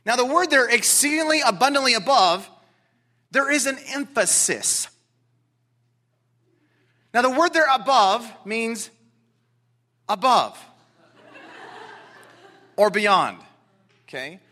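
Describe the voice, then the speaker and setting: A man preaching a sermon to a congregation in an animated, emphatic way, repeating words for stress. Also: very high-pitched, slow pace, long pauses. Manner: excitable, talks directly to congregation. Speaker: pastor.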